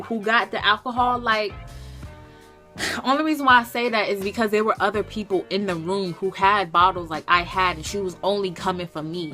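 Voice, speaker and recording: A young woman telling a storytime vlog in an animated, profane, emphatic way. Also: mid-range voice. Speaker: vlogger.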